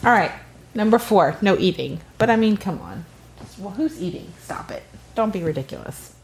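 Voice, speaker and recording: A woman co-hosting a podcast, joking in a casual chat with lively pitch swings. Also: moderate pace. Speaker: podcast co-host.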